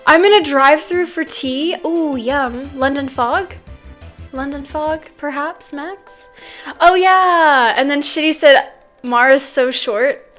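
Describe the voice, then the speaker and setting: Woman streamer, high voice, unhurried and drawn-out, laughs a lot while chatting. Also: a bit bright, soft background music. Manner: giggly, laughs often between sentences; chatty, drawn-out, loose with fillers. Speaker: streamer greeting chat. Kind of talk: casual stream chat.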